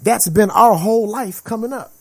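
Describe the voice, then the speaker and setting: Here the same kind of speaker, a man in his forties co-hosting a podcast, talks at a moderate pace with a high voice. His casual chat is lively, forceful, and full of slang, and he performs the voices of those he quotes.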